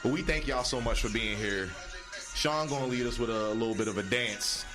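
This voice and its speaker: A man co-hosting a podcast in casual chat. He is an animated storyteller who uses heavy slang and cusses. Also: mid-range voice, a little fast. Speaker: podcast co-host. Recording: music playing under the talk.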